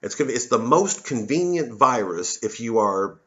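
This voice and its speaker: A man's voice: mid-range voice, lively intonation, normal speed, sharp tone, dull audio. A man, a satirist, delivering a rambling, sardonic monologue full of swearing. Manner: sardonic, swearing, mocks others in put-on voices. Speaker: comedian and satirist.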